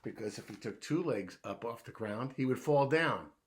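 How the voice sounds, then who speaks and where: With a mid-range voice and an animated delivery at normal speed, a man reads a children's riddle book aloud for fun. He sets up every riddle and then solves it, lowering to a hush when playing the one who's puzzled.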